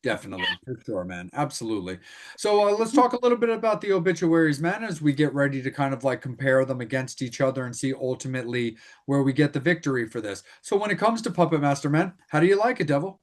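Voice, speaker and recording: A man co-hosting a podcast in casual conversation. His voice sits in an ordinary middle pitch, and he keeps things laid-back while guiding the talk along. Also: expressive, quick pace. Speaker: podcast co-host. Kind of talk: casual chat.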